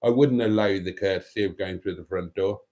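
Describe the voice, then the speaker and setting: A man hosting a live stream in a deadpan, mock-pompous way, rambling with many fillers as he reads out viewer comments. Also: low voice, fast talker.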